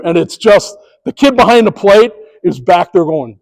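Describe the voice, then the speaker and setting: A man's voice: high voice, expressive, moderate pace, few pauses, rough recording. A middle-aged man giving a presentation to sports officials, telling stories and acting out what coaches and umpires say. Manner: storytelling, acts out coaches and umpire calls.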